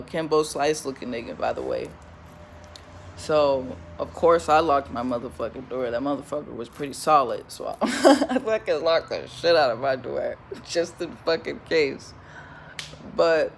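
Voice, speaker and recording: A young woman recounts an awkward encounter in a loose, chatty storytime voice. She swears constantly, breaks into laughter and lets out groans of disgust, and her delivery stays animated throughout. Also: low voice, gravelly, a little hiss or hum. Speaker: vlogger. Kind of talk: casual storytime monologue.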